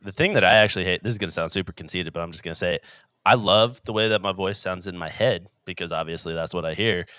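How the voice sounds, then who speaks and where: A man's voice: low voice, fast, pushed and bright, no room sound, studio quality. A man hosting a podcast in a chatty, upbeat way, with many filler sounds. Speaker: podcast host. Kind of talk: casual podcast chat.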